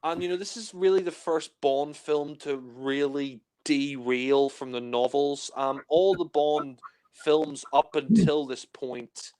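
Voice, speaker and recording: Chatting casually as a film reviewer, a young man leans on lots of fillers and retells scenes playfully, doing silly voices. The voice is on the high side, smooth and a little mellow, with a steady tone and slow pace.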